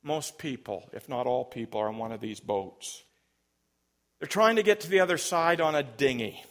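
A man's voice: medium pitch, lively intonation, moderate pace. A man, a pastor, preaching an emphatic sermon and telling stories. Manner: emphatic, storytelling, big swings in loudness.

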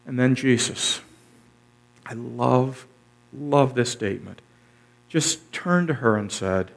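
Retelling scripture with enthusiasm, this man preaches as a pastor, repeating phrases for emphasis and letting his loudness rise and drop. His mid-range voice is creaky, his intonation lively, and his pace slow.

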